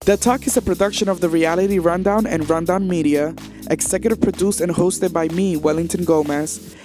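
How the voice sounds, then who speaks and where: A man's voice: sits high, steady tone, fairly quick, darkish tone, faint music behind. A man hosting a podcast, chatting bluntly and animatedly and laughing often. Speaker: podcast host and executive producer. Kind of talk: casual chat.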